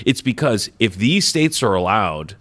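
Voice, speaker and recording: Male co-host, low voice, emphatic, explains things, casual panel talk. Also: very animated, unhurried, a bit bright.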